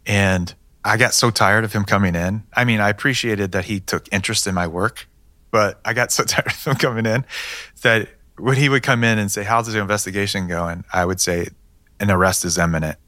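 A man's voice: lowish voice, fairly quick, pushed and bright, dry recording. A man, a police detective, telling his case in a matter-of-fact way with dry humor. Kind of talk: storytelling interview answers.

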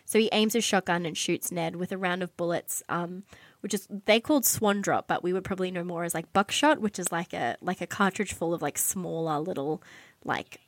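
A woman telling a dramatic story in casual podcast chat, animated, swearing and filling her talk with "like". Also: lowish voice, a little fast, dry recording. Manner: animated, swearing, many "like" fillers. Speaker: podcast co-host telling a true crime story.

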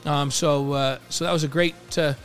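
A man's voice: on the high side, fairly even intonation, moderate pace, faint music behind. A man from New York co-hosting a casual sports podcast, talking in a loose way full of restarts and repeated words. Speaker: podcast co-host.

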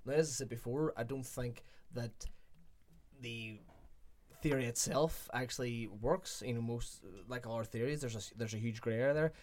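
A man's voice: mid-range voice, moderate pace, darkish tone. Rambling man talking film theory. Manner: rambling, reflective, self-correcting. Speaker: podcast co-host. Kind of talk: casual film chat.

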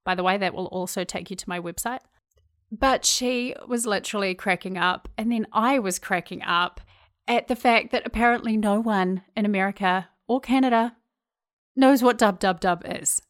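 A woman's voice: medium pitch, normal speed. A woman from New Zealand with a Kiwi accent, hosting her own podcast in a chatty, self-deprecating monologue. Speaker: podcast host. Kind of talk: casual solo podcast monologue.

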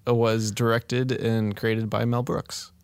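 A man's voice: mid-range voice, takes it slowly, clear, resonant tone, no echo. A man co-hosting a podcast, chatting casually and hesitantly, sometimes reading facts aloud. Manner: relaxed, hesitant, reads facts off a phone. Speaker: podcast co-host. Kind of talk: casual chat.

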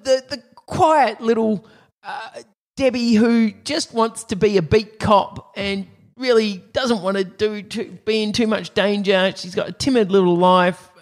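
A man's voice: high voice, steady tone, measured pace. A man hosting a podcast in casual chat, playful and jokey. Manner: playful, jokey, mock-stern with kids. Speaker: podcast host.

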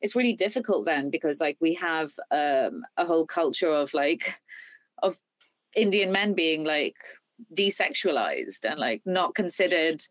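Woman, podcast guest, low pitch, casual chat, filler-heavy, dry room. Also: animated, measured pace, no room sound. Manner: filler-heavy, thoughtful, lots of "like".

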